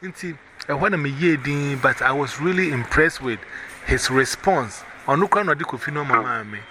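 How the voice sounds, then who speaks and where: A man with a Ghanaian accent telling a personal testimony in a casual, animated way, switching between Twi and English. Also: fairly high pitch, normal speed. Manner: mixes Twi and English, animated retelling with quoted voices. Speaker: evangelist. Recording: audible background noise.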